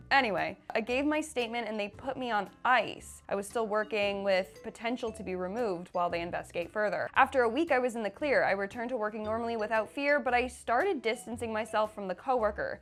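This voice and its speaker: Woman from Canada, fairly high voice, reading posts with lively asides, faint music behind. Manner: animated, laughs often, slangy asides. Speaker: YouTuber reading Reddit posts. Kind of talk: casual reading and commentary.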